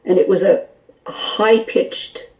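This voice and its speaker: Woman guest on call-in radio, lively storyteller, mellow voice, kinda muffled line. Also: mid-range voice, slow. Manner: animated storyteller with laughs and quoted dialogue. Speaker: guest, skull interpreter.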